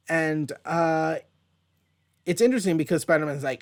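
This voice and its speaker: Casual male comic-review host with a somewhat high voice, chatty and rambling, swears now and then. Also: steady tone, normal speed. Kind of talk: casual page-by-page comic commentary. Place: at home, with a dog nearby.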